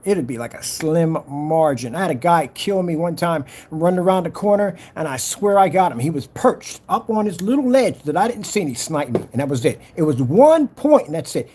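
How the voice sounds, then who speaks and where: Brash trash-talking man, lively voice. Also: high voice, slightly rough. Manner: trash-talking, challenging, repetitive. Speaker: vlogger selling projector screen paint. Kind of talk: boastful casual rant to camera.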